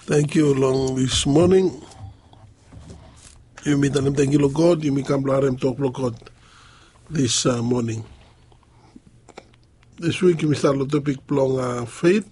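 A man preaching a sermon, pausing often as he talks. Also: mid-range voice, dark tone, slightly rough. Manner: halting, with frequent pauses and fillers.

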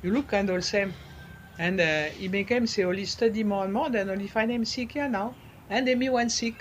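A man talks in a casual interview, slipping in French words and pausing to find the right ones. His voice sits high, and a faint noise hums behind him. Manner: searching for words, many fillers. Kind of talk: casual conversation.

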